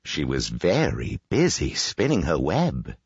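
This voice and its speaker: Low husky guy reading a kids story, super swingy sing-song delivery, slow and dry close mic. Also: no echo. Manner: expressive, voices each animal. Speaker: audiobook narrator. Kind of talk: children's storybook narration. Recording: dry, slightly dull lo-fi audio.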